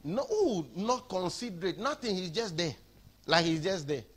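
A man with a Ghanaian accent preaching an animated sermon in a church, switching between English and Twi. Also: high-pitched, moderate pace, breathy edge.

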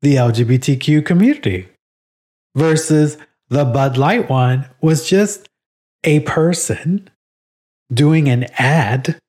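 A man co-hosting a casual podcast, talking in an animated way, laughing often and swearing now and then. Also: on the high side, slow pace. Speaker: podcast co-host.

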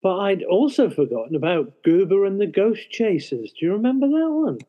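A man's voice: sits high, very animated, fairly quick. A man co-hosting a podcast, chatting in a wry way, recorded on a lo-fi setup. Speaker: podcast co-host. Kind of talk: casual chat. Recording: dull, lo-fi with long reverb from an unplugged mic.

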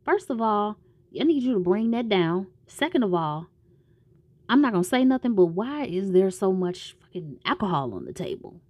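A woman's voice: medium pitch, big pitch swings, moderate pace, darkish tone, dry recording. A woman voicing an exasperated, blunt young woman pushing back at her partner, in a casual show recap. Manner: blunt, defensive.

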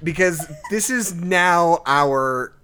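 A young woman co-hosting a podcast in casual chat, excitable, swearing freely and laughing often. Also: lowish voice, slow, a little hiss or hum. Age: young adult. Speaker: podcast co-host.

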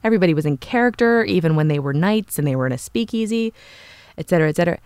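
A woman's voice: on the low side, animated, rapid-fire, a little mellow, clean tone, no echo, clean studio sound. A woman hosting a podcast in a casual, rambling, gushing monologue and laughing often. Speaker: podcast host.

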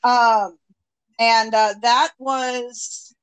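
A woman hosting a podcast in casual chat, talking in a relaxed, drawn-out way. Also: a little high, clear, resonant tone, rough recording. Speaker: podcast host.

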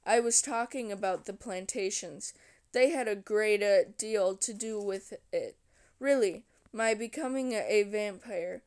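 A calm, brooding male vampire voiced by a woman reading a novel aloud recounts his past in a slow, unhurried way. The voice is smooth and clear, never rushed, with a measured storybook cadence. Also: mid-range voice, natural voice. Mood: reflective.

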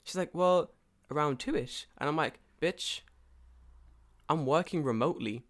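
A man's voice: a little high, a little slow. A man telling a story in casual chat, swearing often, laughing, and acting out both sides of a phone call. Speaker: storyteller in a conversation. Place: lives and works in Japan.

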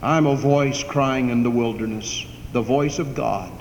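A man's voice: mid-range voice, a little slow, few pauses, a little mellow. A man preaching a sermon, building emphatic repeated phrases in a preacher's cadence. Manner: preacherly, repetitive cadence, rising to emphatic declarations. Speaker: pastor. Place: church sanctuary. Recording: echoey hall, faint background hiss.

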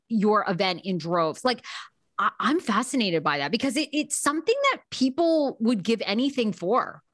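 A woman's voice: a little high, no room sound, clean studio sound. A woman who is a red carpet reporter, talking as a guest in a casual chat and telling gossipy stories with lots of likes and restarts. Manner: gossipy, animated storytelling with many likes and restarts.

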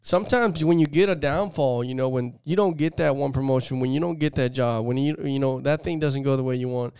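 A man's voice: mid-range voice, brisk, a little mellow, clear, resonant tone, no room sound, studio quality. A man hosting a casual podcast chat, affirming his guest in a friendly way with casual slang. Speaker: podcast host.

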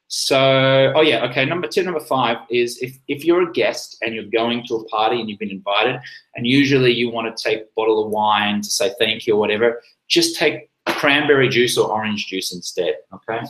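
A man's voice: medium pitch, moderate pace, fairly bright tone, echoey room, poor audio. A man hosting a live chat, telling a personal story in a rambling, casual way with many fillers and restarts. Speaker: livestream host.

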